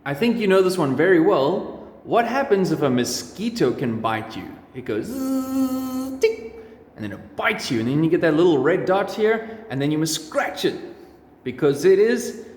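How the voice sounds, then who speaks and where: Man teacher, unhurried, stretches each word for kids; roomy echo. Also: fairly high pitch, big pitch swings. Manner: drawn-out, exaggerated word drills. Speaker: English teacher. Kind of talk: slow repeat-after-me pronunciation lesson for children. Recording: echoey room with long reverb.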